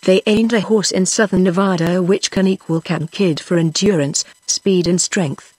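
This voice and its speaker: A text-to-speech woman's voice with a British accent, reading an audiobook in an even, steady way. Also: on the low side, moderate pace, husky, dry recording. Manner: even, steady machine-read delivery. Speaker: audiobook narrator.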